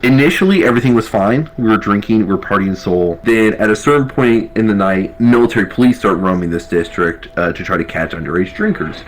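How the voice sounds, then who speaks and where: An army veteran recounting a wild night in a rambling, profane, casual way. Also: male voice, fairly low pitch, slight background noise, low-quality recording. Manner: rambling, profane, full of fillers. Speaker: army veteran telling his story. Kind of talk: casual storytelling.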